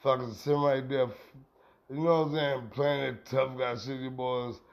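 A man's voice: mid-range voice, fairly even intonation, normal speed. A middle-aged man hosting a podcast, ranting in a heated, profane, rambling way. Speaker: podcast host. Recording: dull lo-fi sound.

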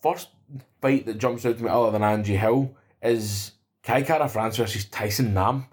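A man's voice: lowish voice, moderate pace. A man with a Scottish accent, co-hosting a podcast in casual chat about fights, bantering in a laid-back way. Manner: laid-back banter, calls people mate. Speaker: podcast co-host.

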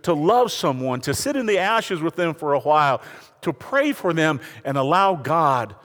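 A man preaching a sermon to a congregation, swinging from quiet, intimate passages to raised appeals and calling on listeners to turn to their neighbors. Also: a little high, normal speed. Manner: preaching with lively rises and falls, addressing the congregation. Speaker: pastor. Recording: reverberant hall.

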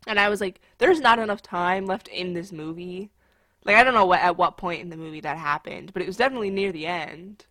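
A woman's voice: fairly low pitch, brisk, a bit bright, no room sound. A woman chatting casually about a movie, full of fillers and wry asides.

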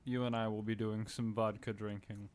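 A man's voice: fairly low pitch, little pitch movement, normal speed, darkish tone. A young man in his twenties co-hosting a podcast, who chats casually with blunt, teasing remarks and swears freely. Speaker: podcast co-host.

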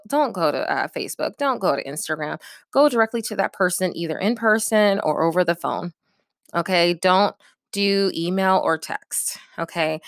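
A woman's voice: mid-range voice, fairly bright tone, no room sound, clean studio sound. A woman giving casual, direct advice in a coaching manner, often checking in with her listeners. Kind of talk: casual advice talk to camera.

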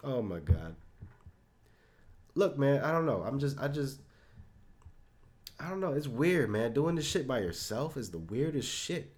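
A man's voice: mid-range voice, sing-song, unhurried, long pauses, darkish tone. A young man hosting a solo podcast, rambling off the cuff in a loose, profane, self-deprecating way with lots of fillers. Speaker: podcast host.

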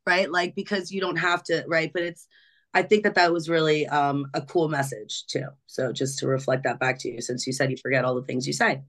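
A woman co-hosting a podcast speaks in a lower register. She muses aloud in a hesitant, searching way and reflects her guest's words back to her. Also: steady tone, brisk. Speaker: podcast co-host. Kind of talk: casual conversation.

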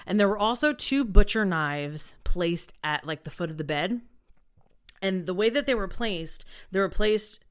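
A woman's voice: mid-range voice, lively intonation, measured pace, clean tone. A woman hosting a podcast, casually retelling a true crime case with lots of "um" and "like". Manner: chatty, many fillers like "um" and "like".

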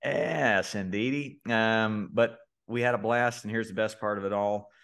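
An easygoing man in his thirties chats on a podcast, with a fairly low voice. He rambles warmly through his story, full of "uh" and small restarts. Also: steady tone, a little slow, vocal fry. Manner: laid-back storyteller, many fillers and restarts. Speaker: podcast co-host. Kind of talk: casual podcast chat.

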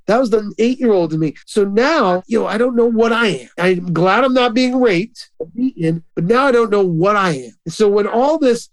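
A middle-aged man, a pastor and author, giving an earnest, impassioned personal testimony in an interview. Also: sits high. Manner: earnest, impassioned, acts out quoted voices.

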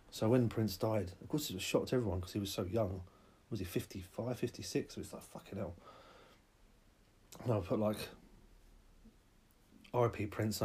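A man hosting a podcast, delivering a rambling, sweary comic rant that bursts into shouting. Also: on the low side, breathy edge. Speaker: podcast host. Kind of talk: comic ranting monologue.

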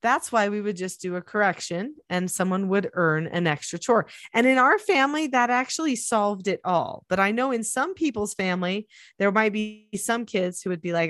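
A middle-aged woman hosting a parenting podcast, explaining steps in a steady, instructive way. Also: medium pitch, normal speed, dry recording. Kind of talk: casual advice chat.

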